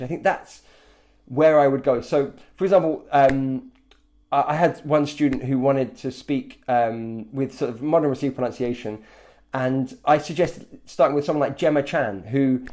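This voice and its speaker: A man who teaches English, chatting casually with many fillers and restarts. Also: mid-range voice. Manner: relaxed, rambling with many fillers. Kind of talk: casual chat.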